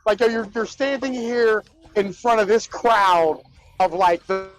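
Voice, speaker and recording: A man co-hosting a casual chat show, retelling comedy bits in an animated, profane way with lots of "like" and "right?". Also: sits high, takes it slowly, low-quality recording. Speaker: podcast co-host.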